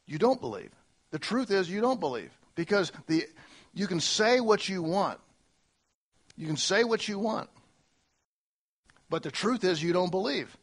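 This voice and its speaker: A male pastor preaching to his congregation in a church, his voice sitting a little high for a man. He stacks word after word into long lists and swings between booming emphasis and quiet, dropped phrases. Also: animated, a little slow, pauses often. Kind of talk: sermon.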